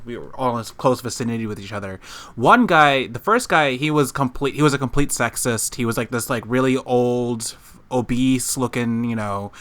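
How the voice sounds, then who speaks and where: A man's voice: mid-range voice, fairly bright tone. Rambling man telling a story. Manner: rambling storyteller, many fillers and restarts. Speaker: podcast co-host. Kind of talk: casual chat. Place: living room.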